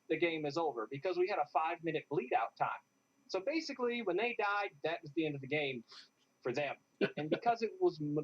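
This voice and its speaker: A man, a guest in an interview, telling a lively story and acting out what others said. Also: on the high side. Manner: animated, acts out what others said. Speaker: interview guest, airsoft player. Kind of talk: casual storytelling. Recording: dull lo-fi sound.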